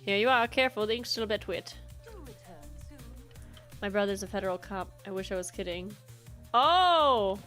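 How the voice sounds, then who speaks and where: A young woman streaming a game, chatting casually and telling a rambling, animated story full of fillers. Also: mid-range voice, brisk, pauses often, soft background music. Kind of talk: casual gameplay chat and storytelling.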